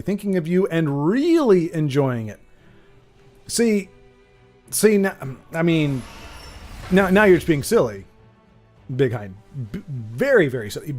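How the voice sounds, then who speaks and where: A man's voice: a little high, very animated, measured pace, long pauses, a little mellow, faint music behind. A man hosting a livestream, talking in a rambling, playful, self-correcting way to his chat. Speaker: streamer host.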